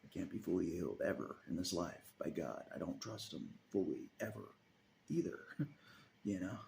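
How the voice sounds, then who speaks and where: A man's voice: low voice, sing-song, normal speed, vocal fry, a little mellow, slight background noise. A man vlogging in a casual, rambling monologue, chuckling often and trailing off into mutters.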